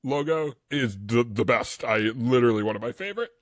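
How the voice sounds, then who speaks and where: A man's voice: mid-range voice, brisk, no room sound, studio quality. A man co-hosting a podcast. He tells rambling stories in casual chat, laughs easily and acts out the people he quotes. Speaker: podcast co-host.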